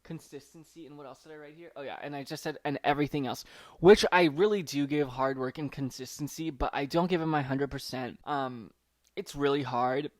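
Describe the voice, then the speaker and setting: A man's voice: fairly high pitch, brisk, dry recording. A young man hosting a solo podcast intro, nervous and rambling, reading from a letter and swearing casually. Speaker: podcast host.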